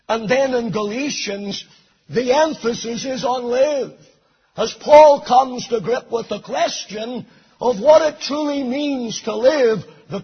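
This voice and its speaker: Slow, husky-voiced male preacher. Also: extremely high pitch, muffled recording. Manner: slow, deliberate preaching with emphatic repeated phrases. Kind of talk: sermon.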